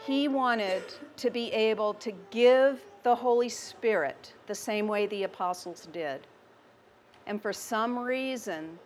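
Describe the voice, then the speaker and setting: Preaching in a fairly high voice, a woman speaks slowly and with emphasis, keeping things conversational by putting frequent questions to the congregation. A bit of background noise can be heard.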